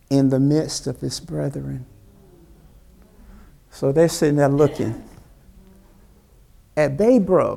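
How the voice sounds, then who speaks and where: A man preaching a sermon, retelling a story with dramatic voices for its characters and questioning his congregation directly. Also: creaky. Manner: preaching with dramatic character voices, rising to high excited pitch. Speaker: pastor.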